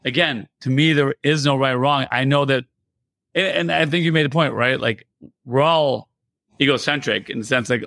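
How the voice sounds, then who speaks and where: A man's voice: medium pitch, normal speed, pushed and bright, no echo. A man from the United States hosting a podcast, talking in a loose, rambling way with many fillers. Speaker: podcast host. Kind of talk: casual podcast interview.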